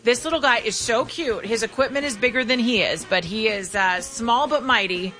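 A woman hosting a talk radio show, upbeat and brisk as she takes calls. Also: on the high side, pushed and bright, soft background music.

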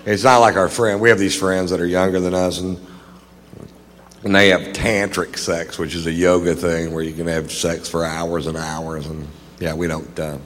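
A middle-aged man doing a stand-up routine, drawing out dry punchlines and acting out shouted quotes. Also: low-pitched, level tone, normal speed. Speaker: stand-up comedian. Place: large theater stage. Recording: live hall recording with crowd noise. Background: audience laughter.

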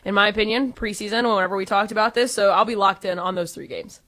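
A woman from Texas, co-hosting a sports radio show in a lively, opinionated way. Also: mid-range voice, no room sound, studio quality. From Texas, USA. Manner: lively, opinionated, quick asides. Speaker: radio co-host. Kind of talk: casual sports talk.

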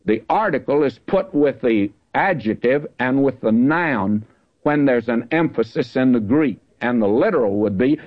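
Folksy male Bible teacher on old radio. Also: mid-range voice. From Southern California. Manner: folksy, conversational, slows to stress scripture. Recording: dull lo-fi radio broadcast.

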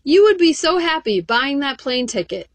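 An earnest woman preaching a sermon, with a fairly high voice. She reads scripture aloud and puts questions straight to her listeners. The sound is dry and close, with no room echo. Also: big pitch swings, normal speed.

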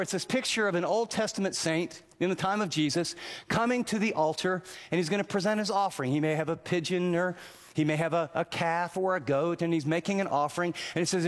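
A man preaching a radio sermon, animated, acting out inner voices and swinging between emphatic and earnest. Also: high-pitched, in a large hall. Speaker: pastor.

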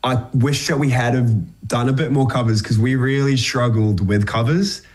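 A man's voice: medium pitch, fairly even intonation, normal speed, a little mellow. A young man from New Zealand with a New Zealand accent, chatting casually as a musician guest, with lots of fillers and easy laughs. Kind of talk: casual interview chat.

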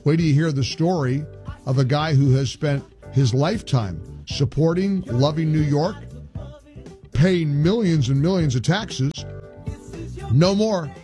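A man's voice: on the high side, a little slow, dark tone, faint music behind. A male talk show host giving indignant, emphatic political commentary, often restarting his sentences.

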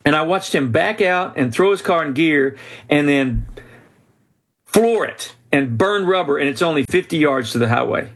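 A man, a guest author, telling a personal story in a podcast interview, acting out the voices of the people in it. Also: mid-range voice. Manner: animated storyteller who voices quoted people.

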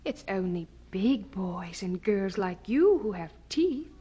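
An actress playing a gentle mother who soothes her son and turns firm when she scolds, in a radio drama. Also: mid-range voice, very animated, takes it slowly, slightly rough, exaggerated voice. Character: gentle mother of young children.

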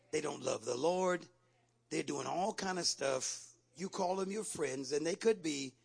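A male preacher delivering a sermon at a church service, calling out to the congregation and building from quiet asides to fervent shouting. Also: on the high side, vocal fry, slightly rough. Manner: call-and-response preaching, rising to shouts.

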